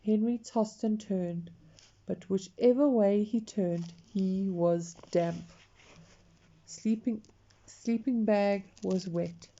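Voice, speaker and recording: A woman reading a picture book aloud, expressive and talking to the listener. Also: medium pitch, dull audio. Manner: slow, expressive, talks to the listener. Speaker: storyteller.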